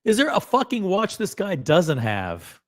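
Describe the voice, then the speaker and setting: A middle-aged man hosting a live stream, excitable and rambling, with many fillers and some swearing. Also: high voice, measured pace. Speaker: host. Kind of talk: casual live-stream chat.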